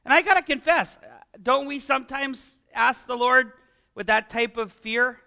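Creaky, very high-pitched and somewhat slow, a middle-aged male pastor delivers his sermon conversationally and with animation, filling it with rhetorical questions for the congregation.

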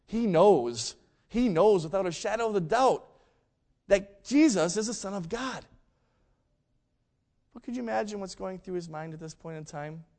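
A man preaching a sermon, telling a story and acting out the quoted lines with big swings between loud and quiet. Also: high voice, animated, moderate pace, long pauses. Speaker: pastor.

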